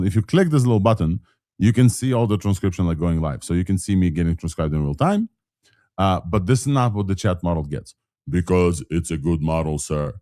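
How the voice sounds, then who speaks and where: Low-voiced man hosting a tech live stream. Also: dark tone, no echo, studio quality. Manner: chatty, gives spoken commands to a voice assistant. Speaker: podcast host.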